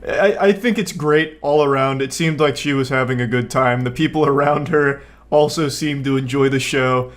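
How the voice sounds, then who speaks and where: A young man talks in a dry, deadpan way, sarcastic and unhurried, with casual swearing mixed in. His voice sits at an ordinary middle pitch for a man. He rambles through fillers as he comments on a clip. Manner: relaxed, unhurried storytelling with frequent fillers. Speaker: YouTube commentator.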